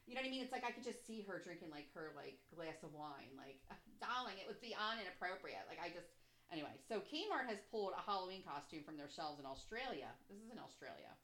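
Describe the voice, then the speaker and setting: A woman's voice: lowish voice, fast. A woman co-hosting a casual chat show, talking in a loose, profane way with lots of "like". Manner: profane, frequent "like", animated gossipy delivery. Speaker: podcast co-host. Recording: echoey room.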